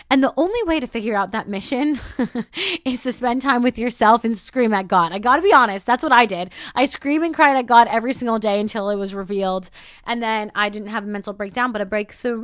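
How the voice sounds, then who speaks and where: Woman host, high and bright-toned, dry booth sound; preachy, emphatic motivational monologue. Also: dry recording. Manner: repetitive, declarative affirmations. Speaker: podcast host.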